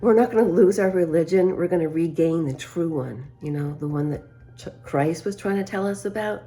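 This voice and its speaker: A woman's voice: on the low side, normal speed, dark tone. A woman vlogger telling a personal story to her viewers in a casual way, laughing often between lines and acting out what people said. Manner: confiding, speaks straight to viewers.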